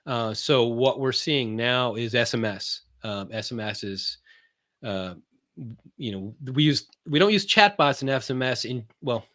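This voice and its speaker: A man speaking as a podcast guest about his marketing business, talking casually, often pausing on fillers and restarting sentences. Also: mid-range voice, lively intonation, sharp tone, no echo, studio quality. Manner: halting, many fillers and restarts; explains in plain, loose terms.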